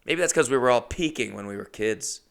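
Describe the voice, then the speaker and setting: New england guy in his 30s ranting and digressing, cussing a lot, gravelly but clear crisp voice. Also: mid-range voice, fairly quick. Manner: digressive, profane, animated storytelling. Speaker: podcast host. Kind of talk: rambling comedic monologue. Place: apartment, pacing around. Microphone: corded microphone.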